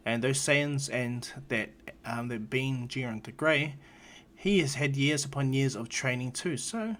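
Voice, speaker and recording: A man voicing a calm, matter-of-fact female divine attendant who trains a young god, in a casual fan story. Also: medium pitch, unhurried, natural voice.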